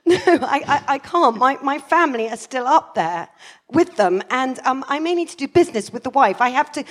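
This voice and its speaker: Woman, higher voice, animated comic storytelling, laughs a lot, trips over words. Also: a little fast. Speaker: comedy podcast co-host retelling an acting job.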